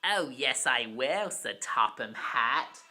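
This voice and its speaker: A reader voicing Grim Jim, a slow gloating demon engine. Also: mid-range voice, lively intonation, sharp tone, heavily acted. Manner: slow, drawn-out, mocking. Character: gloating male demon steam engine villain. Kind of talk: amateur storybook reading.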